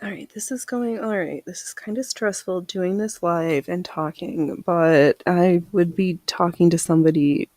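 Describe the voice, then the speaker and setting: A woman's voice: on the low side, normal speed, hardly any pauses, a little mellow, no room sound. A woman hosting a casual live sewing stream. She laughs often and reads viewer comments aloud as she works. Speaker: livestream host.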